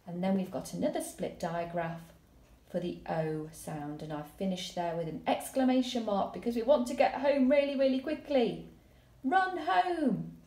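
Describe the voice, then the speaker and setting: A woman teaching a recorded lesson to young children, speaking slowly and clearly, reading her examples aloud with drama. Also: medium pitch, mellow. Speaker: primary school teacher. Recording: echoey room.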